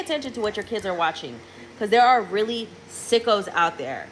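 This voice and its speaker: A woman's voice: medium pitch, normal speed, a little hiss or hum, rough recording. Exasperated mother telling a story. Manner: animated, exasperated retelling. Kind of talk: storytime video.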